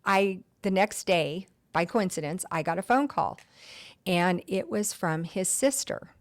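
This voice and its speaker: A woman who works as a county deputy, a guest on a talk show, telling warm and heartfelt stories from her work. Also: fairly low pitch, measured pace. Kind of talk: storytelling in an interview.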